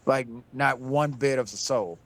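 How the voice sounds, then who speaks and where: Man, game master, unhurried and loose, trails and repeats phrases. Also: mid-range voice, a bit bright, slight background noise, rough recording. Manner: casual, repeats himself and restarts often. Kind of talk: narrating a tabletop game.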